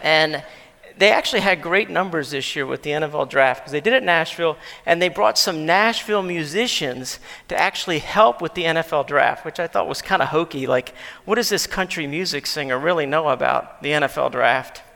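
High, bright male preacher; casual rhetorical-question delivery in a reverberant sanctuary. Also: brisk, creaky. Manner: conversational storytelling with rhetorical questions. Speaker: pastor. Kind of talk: sermon. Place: church sanctuary. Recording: long church-hall reverb.

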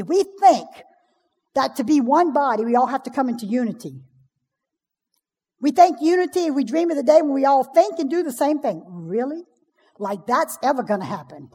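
A pastor's wife preaching to a ladies' gathering, telling stories with humor. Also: female voice, sits high. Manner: humorous, storytelling, lively preaching. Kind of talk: sermon. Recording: long hall reverb.

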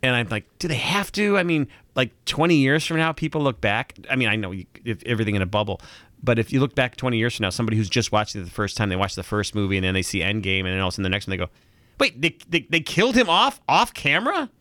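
A man co-hosting a podcast in casual chat, animated and rambling, acting out quoted lines as he talks. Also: on the low side, rapid-fire, clear, resonant tone, no room sound. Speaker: podcast co-host.

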